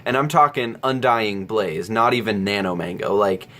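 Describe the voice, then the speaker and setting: A man's voice: lowish voice, animated, moderate pace, sharp tone. A young man hosting a casual Q&A vlog, rambling and self-deprecating, chuckling often. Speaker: YouTube channel host.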